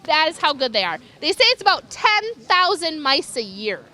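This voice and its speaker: A young woman, working as a raptor educator, gives an enthusiastic public wildlife lecture and now and then imitates animal calls. Her voice is high and sing-song, bright and pushed, at a moderate pace.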